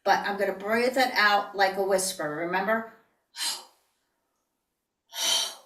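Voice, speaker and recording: A woman instructor giving calm, breathy step-by-step movement cues in an online class. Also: medium pitch, normal speed. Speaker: yoga and tai chi instructor. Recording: roomy, distant online-class audio.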